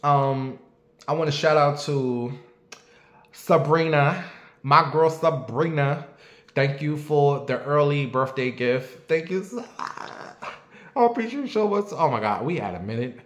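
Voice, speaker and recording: A man's voice: fairly high pitch, expressive, unhurried. Blunt, profane man in an echoey room. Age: late 30s. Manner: blunt, profane and talkative, asking the audience questions. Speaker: show host. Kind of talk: casual commentary monologue. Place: at home.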